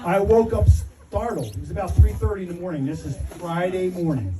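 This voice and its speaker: A man's voice: high voice, brisk, far from the mic, crowd noise, poor audio. A middle-aged man giving a father-of-the-bride wedding speech, telling a story with self-deprecating humor and fighting back tears. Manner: self-deprecating, emotional, laughing through his story. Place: wedding reception hall.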